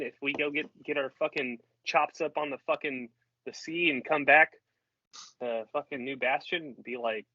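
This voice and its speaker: An excitable man plays a tabletop game, joking and swearing freely. His voice is bright and forceful. The audio is dry and close, with a slightly dull lo-fi edge. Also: medium pitch, dry recording. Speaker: player. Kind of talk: casual tabletop play.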